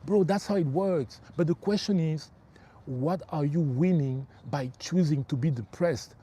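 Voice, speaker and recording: On his livestream, the middle-aged spiritual life coach calls his audience bro and keeps returning to his key phrases in an emphatic, motivational talk. He sounds unhurried, with a fairly high, mellow, husky voice.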